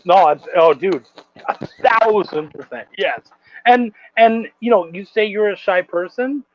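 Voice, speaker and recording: A man's voice: sits high, measured pace, highs cut off. A man hosting a podcast, chatting casually over a video call, easygoing and swearing freely. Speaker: podcast host.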